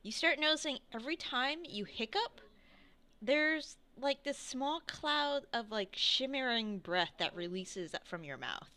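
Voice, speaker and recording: A woman running a tabletop game as game master, chatty and quick to laugh. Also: high-pitched, expressive, bright, forceful tone. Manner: chatty, laughs often, frequent restarts.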